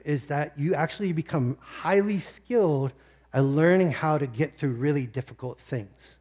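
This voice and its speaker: Soft-toned male pastor telling a personal story. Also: a little high. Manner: personal storytelling, emotional, tearing up at times. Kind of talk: sermon.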